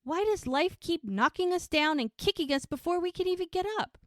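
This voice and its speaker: A woman putting on a worn-out, fed-up woman lost in the woods, her voice climbing high and strained as she pleads and complains. The sound is dry and close. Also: animated, brisk, fairly bright tone, dry recording. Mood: exasperated. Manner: exasperated, pleading, rising outbursts.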